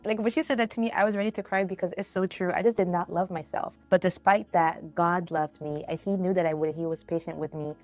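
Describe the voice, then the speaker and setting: A young woman vlogger sharing an earnest, emotional faith-based story about her life, talking casually and openly to her viewers. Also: lowish voice.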